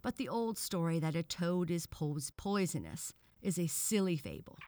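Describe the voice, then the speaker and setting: A woman's voice: on the low side, expressive, moderate pace, mellow, no echo. A woman voicing a pompous male frog professor who lectures in a formal, stern way. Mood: scolding.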